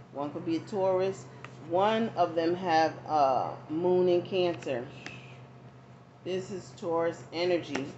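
A woman's voice: lowish voice, a little mellow. A woman giving a casual tarot reading to her viewers, talking to them directly and often checking in with asides. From not from the American South. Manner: conversational, frequent asides and check-ins to viewers. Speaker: tarot reader. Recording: dull lo-fi audio, faint background noise.

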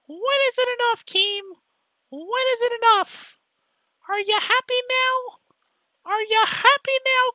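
A man's voice: bright, forceful tone, no room sound, exaggerated voice, low-quality recording. A man doing a mocking impression of a whiny, self-pitying young man who nags a rival with repetitive questions. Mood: whiny pleading. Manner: nagging, repetitive, shrill questioning. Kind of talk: mocking impression in a commentary video.

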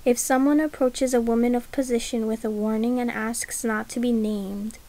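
Careful, guarded noblewoman, read by a woman narrator, slightly high voice. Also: steady tone, mellow, natural voice, low-quality recording. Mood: earnest. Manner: measured and careful.

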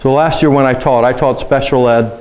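A man's voice: mid-range voice, fairly even intonation, fairly quick, darkish tone, poor audio. Man preaching a conversational sermon. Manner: conversational storytelling, asks the congregation questions. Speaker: pastor. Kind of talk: sermon with personal stories.

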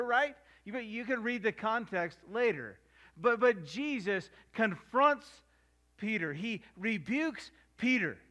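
A middle-aged male pastor preaching a sermon, slowing down to stress the verses he quotes and acting out household scenes in voices. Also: sits high, pushed and bright.

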